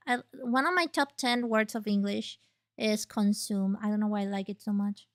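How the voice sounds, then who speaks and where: A woman streamer whose first language is Spanish, chatting excitably over a game, swearing and leaping up in pitch. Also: normal speed, no room sound, clean studio sound. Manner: excitable, jumps high in pitch, swears, laughs. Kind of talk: live game stream chat, reading dialogue aloud.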